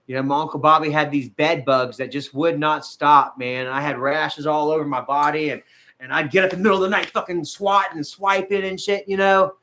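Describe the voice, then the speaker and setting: A man's voice: on the high side, flat delivery, brisk, pushed and bright. A man chatting casually as a vlogger, rambling and swearing, with man and bro tossed in often. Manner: rambling, profane, says man and bro a lot. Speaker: vlogger reading live chat. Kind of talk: casual chat.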